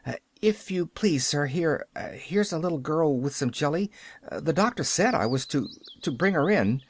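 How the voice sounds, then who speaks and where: A man's voice: a little high, animated, moderate pace, slight background noise. A man reading an audiobook, voicing a frightened housemaid who hesitates and stammers. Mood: nervous. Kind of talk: audiobook character voice.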